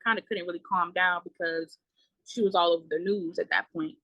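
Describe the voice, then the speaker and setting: Bright-voiced woman recounting a loss. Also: on the low side, fairly even intonation, lo-fi sound. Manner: halting, many fillers, quiet trailing words. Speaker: guest. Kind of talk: emotional personal account.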